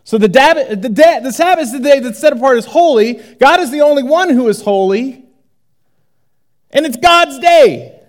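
A male pastor preaching a sermon in a conversational, animated way, moving between loud exclamations and hushed asides. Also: very high voice, normal speed.

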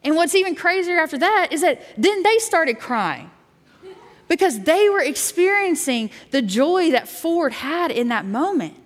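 A woman's voice: very high-pitched, big pitch swings, unhurried. A woman youth pastor giving a sermon and telling a personal story in a candid way, with fillers and restarts. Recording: long hall reverb.

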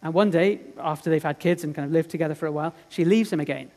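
A male preacher delivers a sermon as a dramatic, earnest story. His slightly high voice rises loud for the drama and falls to a hush for the tender moments. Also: quick pace.

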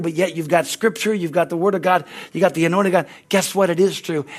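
A male pastor preaching a sermon with lots of energy, often calling out "Amen?" and restarting his sentences. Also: on the high side. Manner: restarts and repeated words.

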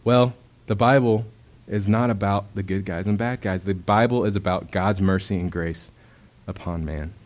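This young male preacher has a lowish voice with fairly even intonation and speaks at a normal speed. His sermon is casual and conversational, packed with "um"s and other fillers, and he acts out quoted voices with sudden bursts of loudness.

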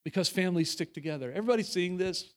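A high-pitched male pastor delivering a sermon. He speaks with earnest conviction and stumbles and restarts often. He drops suddenly into quiet, intimate lines, then lifts again to press a point. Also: very fast.

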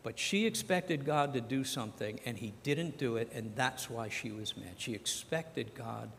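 A man's voice: medium pitch, moderate pace, creaky, a bit bright, slight background noise. A man preaching a sermon as pastor, talking conversationally and acting out the scripture dialogue. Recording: long hall reverb.

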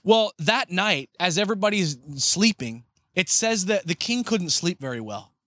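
A man preaching a sermon as pastor, retelling a story and acting out the characters' lines in a lively way. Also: sits high, normal speed, no room sound.

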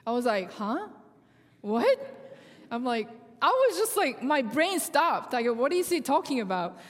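High-voiced Korean-accented woman giving testimony. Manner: animated storytelling, acts out dialogue, halting phrasing. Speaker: speaker sharing testimony. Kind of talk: sermon testimony. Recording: long hall reverb.

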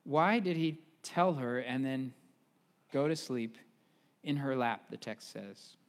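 A male pastor preaching a sermon in a church, retelling a story in casual, animated style with fillers. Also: mid-range voice, slow, in a large hall.

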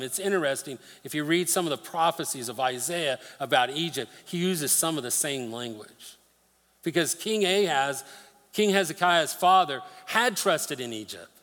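A man preaching a verse-by-verse sermon in a church sanctuary, his high, bright voice ringing through the room's long reverb. He reads scripture aloud with dramatic emphasis, then drops lower and quieter to explain it. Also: lively intonation, moderate pace. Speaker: pastor. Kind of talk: expository sermon.

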